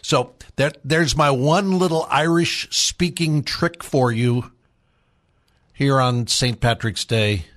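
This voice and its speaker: Older male radio host, slow delivery, rambling and self-deprecating. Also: medium pitch, a bit bright. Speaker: radio talk show host. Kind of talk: live call-in radio talk.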